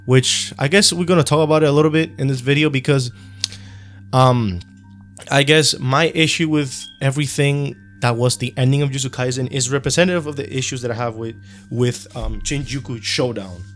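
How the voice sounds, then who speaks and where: A man's voice: mid-range voice, a little fast, soft background music. Rambling young man with a Spanish accent. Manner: rambling, relaxed, slangy, with frequent ums and self-corrections. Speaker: anime commentary youtuber. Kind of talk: casual opinion monologue.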